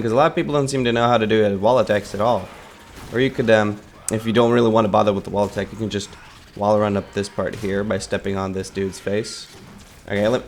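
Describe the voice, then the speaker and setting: A man's voice: on the low side, slight background noise. A man giving loose, rambling gameplay commentary, swearing casually and joking at his own expense. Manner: self-mocking asides.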